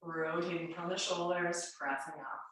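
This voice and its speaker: A woman fitness instructor with a fairly low, steady, congested and nasal voice guides a home workout at a moderate pace, offering chatty, reassuring cues for each move. The camera mic sits at a distance, so she sounds far away in a very echoey room, and the recording is very noisy.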